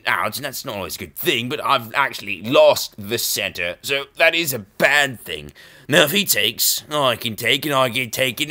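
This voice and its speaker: A young man giving rambling, self-mocking chess commentary, jokey and erratic, with sudden loud outbursts. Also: medium pitch.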